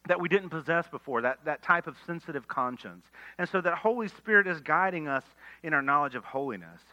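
A man preaching an expository sermon, earnest, rising to emphatic lines and dropping to quiet asides. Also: a little high, animated, fairly quick. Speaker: pastor. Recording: dull lo-fi sermon recording.

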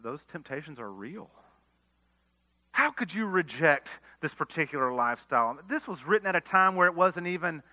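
A man preaching an expository sermon, earnest, rising to emphatic lines and dropping to quiet asides. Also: mid-range voice. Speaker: pastor. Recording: dull lo-fi sermon recording.

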